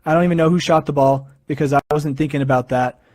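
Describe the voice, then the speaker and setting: A man hosting a sports podcast, giving casual opinions in an excitable, animated storytelling manner. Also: fairly high pitch, fast, dry recording.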